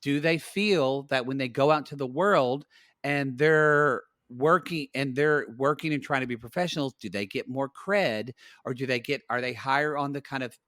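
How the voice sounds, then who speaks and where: A man co-hosting a podcast, casually chatting and recapping a reality show with playful, animated asides. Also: moderate pace. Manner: animated, playful, bursts into loud high mock cries. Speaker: podcast co-host.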